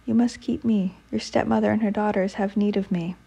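A woman's voice: medium pitch, fairly even intonation, fairly quick, gravelly, dark tone, slightly rough. A woman voicing a muffled talking skull. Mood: solemn.

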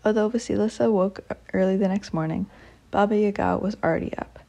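A woman reading a folk tale aloud as storyteller, with a measured, steady manner. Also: mid-range voice, vocal fry.

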